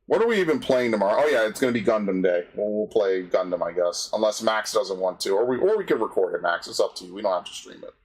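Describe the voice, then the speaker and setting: A man's voice: fairly low pitch, animated, fast talker, few pauses, poor audio. Young guy streamer, swears a ton, ranty crude banter, just chatting. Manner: crude, profane, ranting banter. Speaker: streamer host. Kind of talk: casual stream chat.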